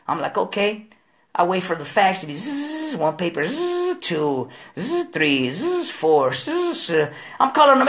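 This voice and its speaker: This Delaware man's fairly high voice moves at a brisk clip as he hosts a relaxed live-stream conversation. He swears freely, leans on street slang, and livens up his stories by doing voices.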